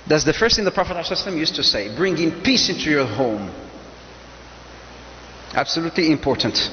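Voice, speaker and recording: A male Islamic preacher lecturing an audience. He is animated and acts out little scenes, raising his voice sharply. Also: a little high, fast, slight background noise. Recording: muffled recording in a large echoing hall.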